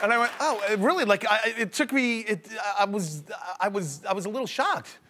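A young man hosting a comedy show, telling jokey stories in an animated way and laughing through them. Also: high-pitched, moderate pace, some chatter behind, a little hiss or hum. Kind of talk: comedic monologue.

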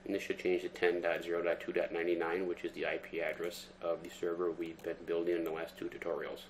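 A man with a very low voice walks through a screen-recorded tech tutorial at an easy pace, explaining each step as he goes with plenty of ums and uhs. Faint noise and keyboard typing sit behind him. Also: fast talker. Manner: relaxed step-by-step explaining with fillers. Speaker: tutorial presenter.

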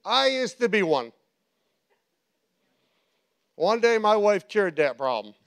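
A male pastor preaching a sermon, telling stories with animated quoted voices and frequent laughter. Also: sits high, takes it slowly, smooth. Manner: animated storytelling, acts out quotes, laughs often. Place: church.

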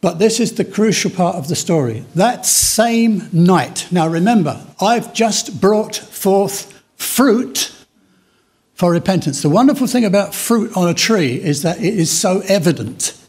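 An older man preaching a sermon, telling his own story with dramatic slow pauses. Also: sits high, animated, a little mellow, breathy edge. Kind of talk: sermon testimony.

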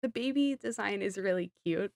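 A woman giving casual commentary on a video game, excitable and rambling, with giggles and self-deprecating asides. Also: mid-range voice, moderate pace, gravelly, no echo, studio quality. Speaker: gaming streamer.

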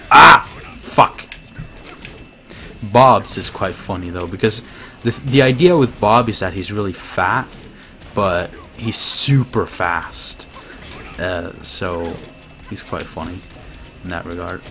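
A man streaming himself playing a fighting game, chatting casually, swearing and laughing, with bursts of excited shouting. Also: low voice, slow, pauses often, soft background music. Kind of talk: casual gameplay commentary.

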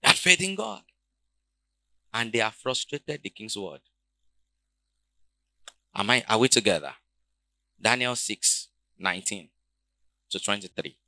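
Gravelly-voiced preaching man, call and response. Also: lively intonation, unhurried, pauses often, no room sound. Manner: call-and-response preaching, swings from low murmurs to shouts. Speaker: pastor. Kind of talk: sermon.

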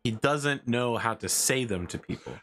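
A man's voice: mid-range voice, lively intonation, normal speed, fairly bright tone, slight background noise. A man playing a tabletop game, chatting playfully with his group. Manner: playful, explains with laughs. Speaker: player.

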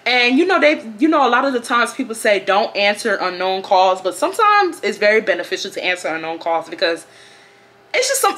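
A woman in her twenties from Houston telling a storytime to her viewers in a casual, animated way, acting out the other people in her story. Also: medium pitch. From Houston, Texas. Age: 20s. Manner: animated, acts out quotes with big laughing outbursts. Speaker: vlogger.

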